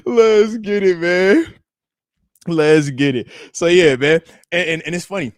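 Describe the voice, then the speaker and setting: Male live-stream host in his thirties, slangy and teasing, high voice, dry close sound. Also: takes it slowly, no echo. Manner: animated, slangy, teasing, says man a lot. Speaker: live show host, retired football player. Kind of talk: casual live-stream chat reading comments.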